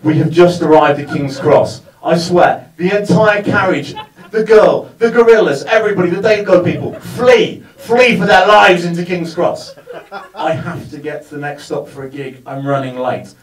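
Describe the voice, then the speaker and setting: A man's voice: fairly high pitch, normal speed. A man performing a stand-up comedy set, telling a story with wry build-ups to punchlines in a live venue. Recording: roomy sound, mic far from speaker.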